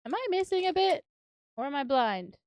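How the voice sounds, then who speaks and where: A woman's voice: high voice, sing-song, normal speed, no room sound, studio quality. A woman streamer chatting casually and giggling while she builds, swearing now and then and filling her talk with fillers.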